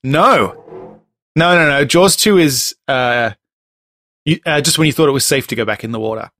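A man with a medium-pitched, slightly bright voice is recorded with clean studio sound and no room echo. He hosts a casual podcast movie tagline quiz, joking and laughing often and reading the taglines in a slow, dramatic voice.

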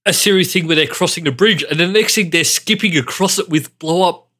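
Man, podcast co-host, bright slightly high voice, rambling, lots of filler words. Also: a little fast. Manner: rambling, uses many fillers like "like". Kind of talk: casual chat.

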